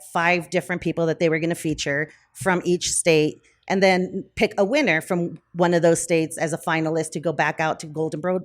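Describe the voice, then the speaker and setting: A woman in a casual interview, telling a story in a lively way with many fillers like um and you know. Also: on the low side. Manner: animated, acts out quoted conversations. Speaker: brewery owner and podcast guest.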